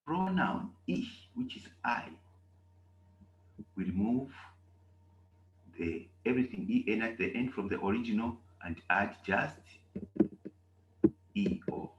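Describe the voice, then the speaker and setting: A man's voice: fairly low pitch, lively intonation, takes it slowly, long pauses, echoey room, dull audio. A man teaching German verbs in a classroom lesson, repeating himself often and checking with "okay?". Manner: repetitive, emphatic, asks "okay?" often.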